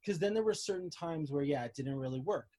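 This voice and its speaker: A man in casual chat about movies, rambling and animated with frequent restarts. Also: on the high side, fast.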